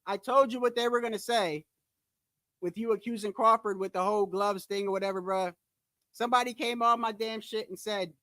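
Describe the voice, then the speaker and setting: Speaking briskly in a voice that sits high, with fairly even intonation and a sharp tone, a man runs a boxing channel; the recording has no echo. His casual commentary is a rant: emphatic, blunt, profane, full of repetition for emphasis. He addresses viewers directly and keeps calling them "bro".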